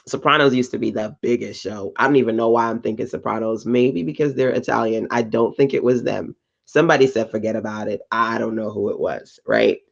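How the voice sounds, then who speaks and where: Her voice is rumbling low and gravelly, and the audio is dull. A North Carolina host of a business livestream, she talks to entrepreneurs in a chatty, encouraging way, laughing and asking them questions.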